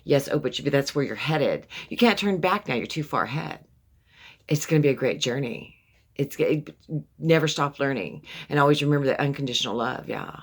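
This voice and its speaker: In a very deep, expressive voice, a woman gives a brisk, casual tarot reading full of affection. She keeps calling the listener "baby," repeating words, and starting sentences over.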